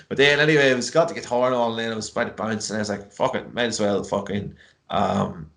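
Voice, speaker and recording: A man's voice: on the low side, fairly even intonation, quick pace, gravelly, fairly bright tone. An Irish man from Ireland, a podcast guest on a video call, telling a long story in casual chat, swearing freely and full of fillers.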